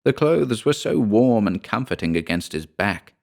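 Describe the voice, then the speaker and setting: Deep-voiced male horror story narrator. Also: animated, moderate pace, creaky, a little mellow. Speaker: audiobook narrator. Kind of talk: scripted narration of a ghost story.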